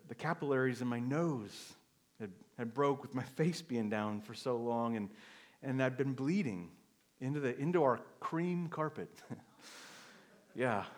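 In a mid-range voice, a middle-aged male pastor tells a personal story as part of his sermon, his tone turning from quiet confession to emphatic preaching.

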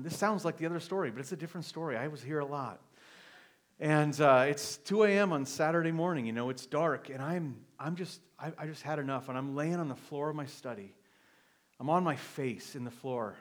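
A middle-aged male pastor telling a personal story in a sermon, moving from quiet confession to emphatic preaching. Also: on the high side, moderate pace.

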